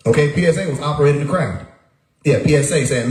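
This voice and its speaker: Man, livestream host, emphatic, repeats himself, mid pitch, echoey room. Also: quick pace. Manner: emphatic, repeats words, rhetorical questions. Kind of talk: casual livestream monologue.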